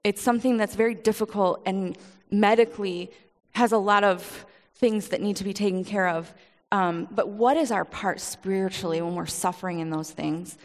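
A woman from Michigan delivers a relaxed, story-driven sermon, full of quick asides and easy laughter. Her voice sits in a middle register. A long reverb trails each phrase, as if she is speaking in a large church hall. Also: medium pitch. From Michigan, USA. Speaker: preacher. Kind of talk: conversational sermon.

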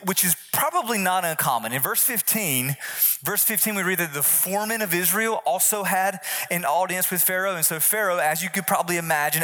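Bright, high-voiced male pastor. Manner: conversational, repeats and restarts phrases. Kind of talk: sermon.

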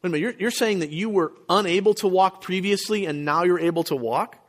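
A man's voice: sits high, quick pace. A male preacher voicing a suspicious, indignant religious leader who stammers in disbelief. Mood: incredulous. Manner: incredulous, accusing, stammering.

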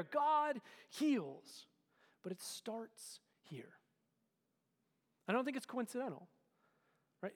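A man's voice: high-pitched, fairly bright tone, long reverb tail. A man preaching a sermon in a conversational way, often asking "right?" and sometimes dropping to a near whisper. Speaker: pastor.

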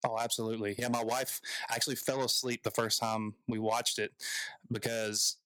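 A man's voice: mid-range voice, little pitch movement, normal speed, bright, forceful tone, dry recording, rough recording. Southern male co-host, eager and rambling, dry close recording. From American South. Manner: enthusiastic, rambling, with restarts. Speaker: podcast co-host. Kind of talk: casual movie chat.

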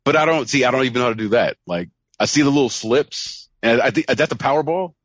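The clip has no room sound, just a man's medium-pitched voice moving at a quick pace. He's a podcast co-host in casual conversation, animatedly storytelling and performing the quoted voices himself.

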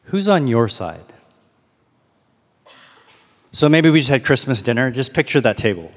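A man preaching a sermon as pastor, reflective, slowing down to read and linger on lines. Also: medium pitch, very animated, in a large hall.

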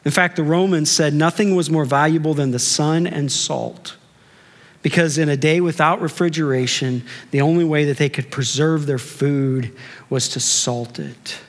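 A man pastor preaching a sermon in a conversational way, with rhetorical questions and drawn-out emphasis. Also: a little high, steady tone. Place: church sanctuary. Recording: long church reverb.

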